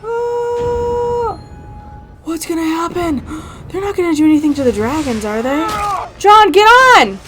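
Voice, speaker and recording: A woman hosting a reaction video, commenting casually and excitably, gasping and talking to the screen. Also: very high-pitched, measured pace, over music.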